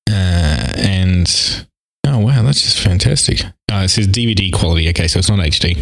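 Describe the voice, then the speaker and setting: A man with an Australian accent co-hosting a casual tech podcast, enthusiastic and quick to laugh. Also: low-pitched, lively intonation, gravelly, a bit bright, rough recording. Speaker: podcast co-host.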